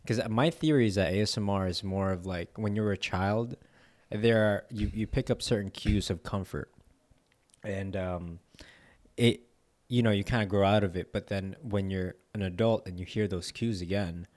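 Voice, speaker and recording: A man's voice: on the low side, normal speed, darkish tone. A man whose first language is not English, chatting casually while eating, rambling with lots of slang and filler and laughing often.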